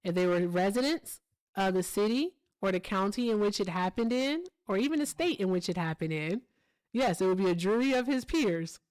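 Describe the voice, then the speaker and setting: A woman's voice: medium pitch, expressive, fairly quick, darkish tone, dry recording. A woman hosting a live political call-in stream, pressing a caller with pointed questions. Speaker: host.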